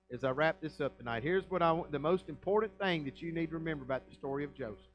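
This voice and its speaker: Pastor preaching a Bible lesson. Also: male voice, fairly high pitch, rough recording. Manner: storytelling, asks the congregation questions. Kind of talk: Bible study sermon.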